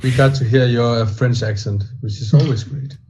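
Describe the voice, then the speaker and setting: A man's voice: medium pitch, fairly even intonation, normal speed, a little mellow, breathy edge. A man joining a casual round-table discussion over an online call, asking hesitant questions with restarts. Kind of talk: casual chat.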